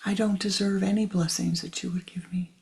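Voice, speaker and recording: A woman voicing a male sage sobbing with remorse and pleading, in a higher, louder voice than her own. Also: fairly even intonation, fairly quick, vocal fry, close to an everyday voice. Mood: remorseful. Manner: pleading, broken, repeating himself.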